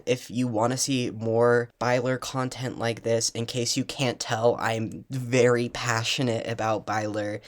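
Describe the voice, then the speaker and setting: Home vlogger, fan analysis; passionate, profane, prone to loud excited rants. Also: mid-range voice.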